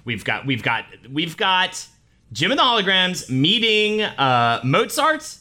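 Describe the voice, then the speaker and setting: A man's voice: a little high, big pitch swings, a little slow, bright, forceful tone. A man hosting a podcast chat, enthusiastic and casually swearing as he talks.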